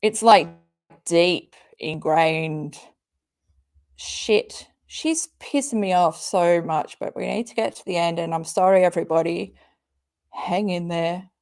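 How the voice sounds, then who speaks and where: A woman's voice: fairly low pitch, unhurried, a little mellow. A woman hosting a live commentary stream, reading out tweets and ranting back at them with angry, sweary sarcasm. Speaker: commentary channel host.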